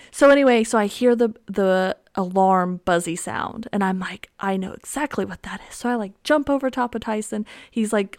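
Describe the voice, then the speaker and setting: On her podcast, a young woman with a mid-range voice tells a meandering story solo, filling it with ums and likes. The sound is clean studio audio with no room sound.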